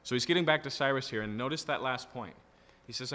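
A male pastor preaches an expository sermon, teaching earnestly and emphatically and checking in often with his listeners. His mid-range voice is fast, pushed and bright, and a large hall gives the recording a long reverb.

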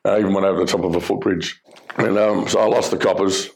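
Gravelly, low-voiced Australian man. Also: fairly even intonation. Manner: earnest, halting storytelling with many fillers. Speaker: former criminal telling his life story. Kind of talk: personal testimony.

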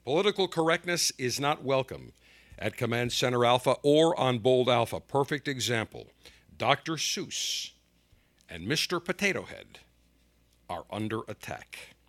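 A man's voice: mid-range voice, big pitch swings, unhurried, a bit bright. A middle-aged man hosting a talk show, giving emphatic, indignant opinion commentary. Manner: emphatic, indignant, punchy delivery. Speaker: podcast host.

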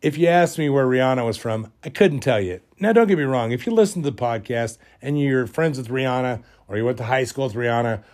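A man's voice: mid-range voice, darkish tone. A man hosting a solo podcast, rambling in an exasperated way while he is sick with a cold. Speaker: podcast host.

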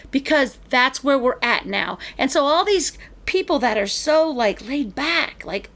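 A woman's voice: high voice, big pitch swings, measured pace, hardly any pauses, fairly bright tone. A middle-aged woman in casual chat, ranting animatedly as she tells a story and acts out both sides of the exchanges.

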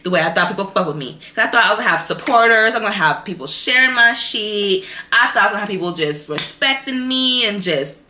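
A young woman hosting her own podcast, telling a personal story in a candid, profane, animated way, full of fillers like "like" and "y'all". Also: medium pitch, quick pace, few pauses, roomy sound, background noise. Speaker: podcast host. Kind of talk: casual storytelling monologue.

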